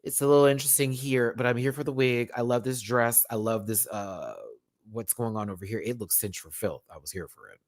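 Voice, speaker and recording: A man hosting a live-stream review, chatting casually and swinging from loud outbursts to muttered asides. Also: mid-range voice, fairly quick. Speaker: YouTube reality TV reviewer.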